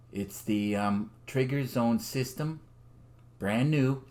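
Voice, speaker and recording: A man's voice: on the low side, darkish tone. A middle-aged man walking through his trades on screen, rambling with fillers and getting enthusiastic over his wins. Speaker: forex trader selling a trading system. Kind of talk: screen-recorded trading walkthrough.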